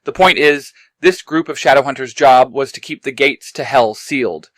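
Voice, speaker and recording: A man voicing an excited, nerdy young man explaining a secret in a story reading. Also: mid-range voice, moderate pace, natural voice. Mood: eager.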